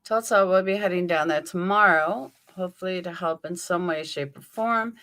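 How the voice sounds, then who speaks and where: A woman with a New York accent hosts a casual livestream and talks straight to her chat. Her voice sits a little low, with a bright, tense edge. She thinks out loud and answers viewers by name as she goes. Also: moderate pace. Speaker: livestream host. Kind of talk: live chat commentary.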